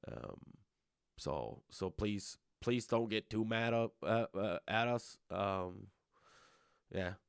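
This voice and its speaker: A man's voice: on the low side, expressive, slow, gravelly, smooth, no room sound, studio quality. Rambling male roleplay staff lead. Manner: rambling, stop-start, repeats words. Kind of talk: casual community meeting talk.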